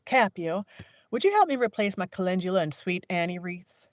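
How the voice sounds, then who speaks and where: A gentle man who runs a flower shop speaks with eager warmth, as a woman narrator puts him on. The voice sits near her own range. The recording is close and dry. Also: lowish voice, big pitch swings, normal speed, no room sound.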